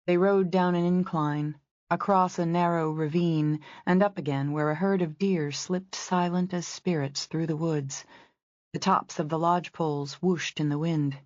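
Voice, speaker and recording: A woman narrating a romance novel as an audiobook in a steady, descriptive reading. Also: low voice, unhurried, dry recording, dull audio.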